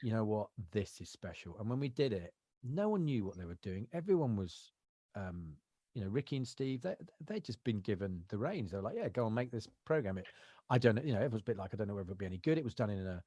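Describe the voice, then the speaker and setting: A man's voice: on the low side, very animated, fast talker, dark tone, no room sound, clean studio sound. A man, an actor telling rambling anecdotes as a podcast guest. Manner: rambling anecdotal storytelling, lots of fillers. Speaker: actor and voiceover artist, guest. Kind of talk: casual interview chat.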